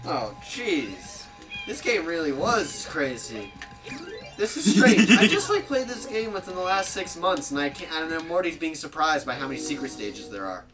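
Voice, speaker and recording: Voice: mid-range voice, very animated, moderate pace, far from the mic. A person chatting casually while playing a video game, wondering aloud and often saying "like". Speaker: game commentator. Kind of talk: casual let's-play chat. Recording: voice set back from the mic over game music. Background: game music.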